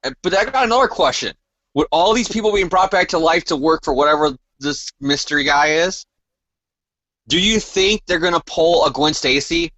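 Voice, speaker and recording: A man co-hosting a casual comic book chat, animated and emphatic as he speculates. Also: a little high, moderate pace, no room sound, dull audio. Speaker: co-host.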